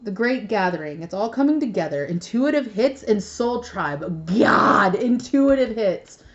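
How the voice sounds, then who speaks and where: A woman's voice: medium pitch, big pitch swings, moderate pace, darkish tone, lo-fi sound. A young woman giving a casual tarot reading, chatty and blunt, swearing freely and laughing often. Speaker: tarot reader.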